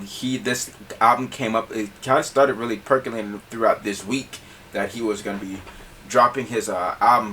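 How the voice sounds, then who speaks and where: A man hosting a podcast in a casual, animated way, often laughing and repeating himself. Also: fairly low pitch, a little hiss or hum. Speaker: podcast host.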